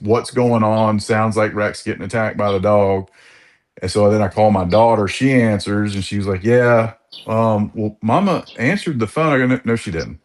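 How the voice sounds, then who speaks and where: Frustrated fortyish man with a slightly low voice, on a coaching call. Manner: frustrated, retells conversations. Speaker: coaching client. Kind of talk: casual call.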